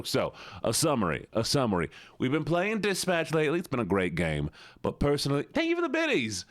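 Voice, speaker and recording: A man streaming games, chatting casually with viewers in a put-on Southern drawl, playful and quick to repeat himself. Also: mid-range voice, dry recording, clean studio sound. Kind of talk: casual live-stream chat.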